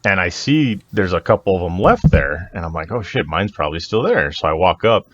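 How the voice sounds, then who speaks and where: A man's voice: low voice, fairly quick, dull audio. A man co-hosting a podcast, telling a story casually, laughing often and acting out the people he quotes. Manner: animated, laughs often, acts out voices in quotes. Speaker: podcast co-host.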